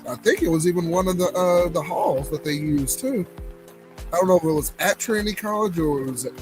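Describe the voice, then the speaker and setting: A man's voice: high-pitched, a little fast, over music, low-quality recording. A young man with a Southern US accent, hosting a casual cigar livestream and telling rambling stories full of fillers and restarts. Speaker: cigar lounge livestream host.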